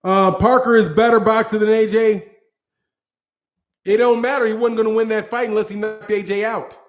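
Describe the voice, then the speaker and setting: A man hosting a boxing channel, talking casually in a live-stream style, animated and slangy, laughing often and acting out what fighters said. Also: high-pitched, normal speed, faint music behind.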